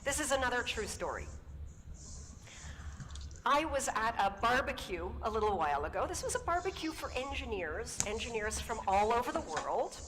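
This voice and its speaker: A woman with a fairly high, bright voice tells a lively story from the stage, slipping into accented voices for the people she quotes. The recording has a long hall reverb and clear background noise. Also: moderate pace. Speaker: conference speaker.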